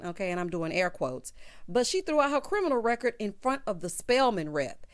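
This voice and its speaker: A woman's voice: lowish voice, very animated, brisk. A woman recapping a TV episode in a sassy, chatty way, talking straight to her viewers. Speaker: TV recap vlogger. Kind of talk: casual episode recap commentary.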